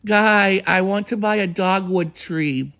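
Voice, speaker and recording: A man imitating a very old woman who talks slowly and softly. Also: high voice, full character voice. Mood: gentle. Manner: slow and soft. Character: slow soft-spoken very old woman.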